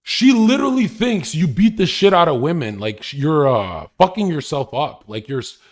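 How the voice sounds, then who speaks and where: With a sing-song voice at normal speed, a young man rants on his live stream, laughing a lot and making crude boasts. His pitch swings widely and his delivery stays loose and casual.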